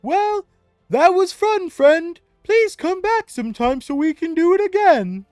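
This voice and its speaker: A childlike goblin wrestler in a tabletop game, squealing in a very high, excited voice. He shouts with delight at his friend. The sound is dry and close. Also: measured pace, no echo, faint music behind. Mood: gleeful.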